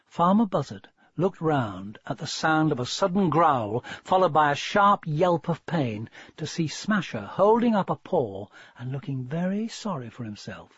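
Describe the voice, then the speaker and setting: A man narrating a children's story in an expressive, measured way, on a dull, dry lo-fi recording. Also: on the high side, breathy edge, no room sound.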